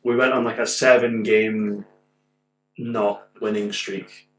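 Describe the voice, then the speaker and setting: A man's voice: fairly low pitch, level tone, slow. A man, a podcast guest telling laid-back, sweary football stories in casual chat. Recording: roomy, distant mic with faint hum.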